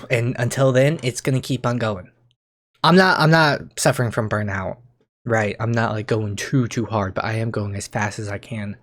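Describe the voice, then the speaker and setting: A young man talking casually to camera as a streamer, rambling and excitable, often restarting his sentences and jumping in pitch when he gets worked up. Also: normal speed. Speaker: streamer and YouTuber. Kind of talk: casual vlog monologue.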